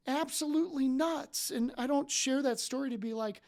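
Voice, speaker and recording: A man's voice: very high-pitched, normal speed, gravelly, hardly any pauses. Earnest, chatty male coach. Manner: animated, full of "like" and restarts; earnest, faith-filled. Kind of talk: casual spoken storytelling to followers.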